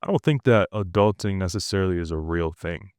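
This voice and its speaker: Deep-voiced laid-back podcast host. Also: male voice, lively intonation, darkish tone, dry recording, clean studio sound. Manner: laid-back, reacts with quick laughs and "yo". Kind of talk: casual interview chat.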